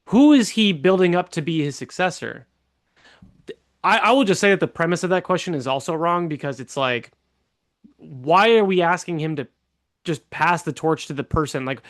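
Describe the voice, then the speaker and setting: High-voiced male congressional candidate. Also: a bit bright. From California. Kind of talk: podcast interview.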